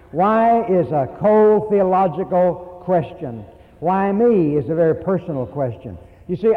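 A man with a fairly high voice preaches a sermon, slowing on the words he wants to stress and putting rhetorical questions to the congregation. The recording is thin and phone-like, and a long hall reverb trails after each phrase.

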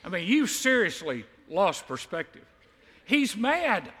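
A male preacher with a high, bright voice that rises and falls as he tells the story. He acts out what each person says and throws in asides. The sound carries a long echo from a large hall. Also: slow, husky. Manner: animated storytelling, acting out quotes. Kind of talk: sermon.

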